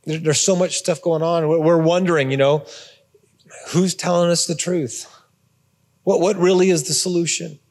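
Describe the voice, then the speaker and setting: A man's voice: fairly high pitch, fairly even intonation, normal speed, darkish tone, long reverb tail. A man giving a conversational sermon as a pastor, repeating words and adding informal asides. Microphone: phone or portable device.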